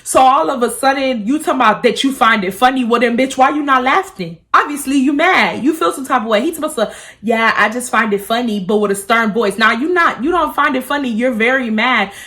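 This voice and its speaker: Animated young woman telling a storytime. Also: sits high, fairly quick, few pauses. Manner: animated, profane, acts out quotes. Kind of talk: casual storytime vlog.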